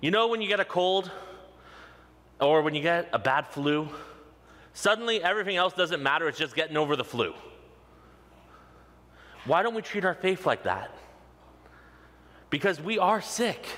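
A man's voice: high voice, pushed and bright. Passionate male preacher in a reverberant hall. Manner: passionate, emphatic preaching with slow repeated lines. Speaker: pastor. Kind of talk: sermon. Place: church sanctuary. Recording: long reverb of a large hall.

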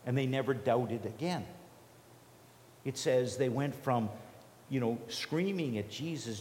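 Slow-talking preacher in an echoey hall. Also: male voice, medium pitch, darkish tone, slight background noise. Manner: earnest, conversational, with restarts and repeated questions. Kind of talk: sermon.

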